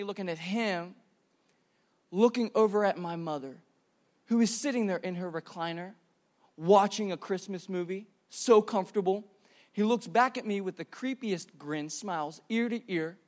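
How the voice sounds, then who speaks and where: A man's voice: very high-pitched, a bit bright. A young man preaching a sermon in a church, casual and slangy, often repeating words as he starts a sentence.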